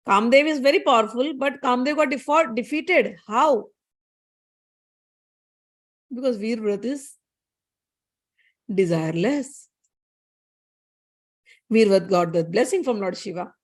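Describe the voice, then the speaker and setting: A woman's voice: fairly high pitch, unhurried, pauses often. Woman telling a spiritual story conversationally. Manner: conversational, with restarts and explanations.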